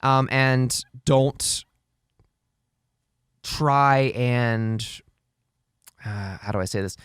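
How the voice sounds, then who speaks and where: A man's voice: mid-range voice, drawn-out words, a bit bright, clear, resonant tone, dry recording, studio quality. A man co-hosting a casual parenting podcast, earnestly explaining what he has read and acting out little quotes. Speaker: podcast co-host.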